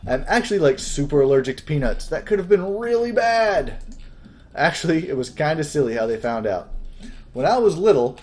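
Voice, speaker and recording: Brief: a man putting on a cheerful, girlish young woman for a game date, high and bouncy. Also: a little mellow. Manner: bubbly, girlish, sing-song delivery.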